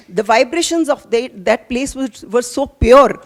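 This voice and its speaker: A middle-aged woman with an Indian accent giving an earnest, halting testimony about her experience to an audience. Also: a little high, animated. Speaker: attendee sharing experience. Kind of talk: emotional testimony.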